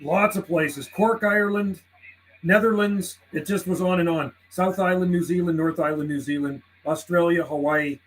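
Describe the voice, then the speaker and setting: A man live-streaming from his home radio desk, chatting casually with viewers and calling out to other radio stations in a relaxed, friendly way. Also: high voice, moderate pace, rough recording. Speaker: CB radio livestreamer. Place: warm house indoors.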